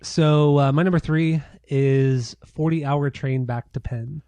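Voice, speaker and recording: A young man co-hosting a podcast in casual chat, relaxed, laughing often and moving the talk along. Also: a little high, measured pace, no echo. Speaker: podcast co-host.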